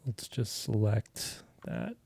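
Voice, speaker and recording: A man from Arizona giving a relaxed, chatty digital art tutorial, talking as he works, with filler words and restarts. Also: on the low side, slow pace, creaky, husky, no room sound. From Arizona, USA. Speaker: artist teaching a digital coloring tutorial. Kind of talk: casual live drawing tutorial.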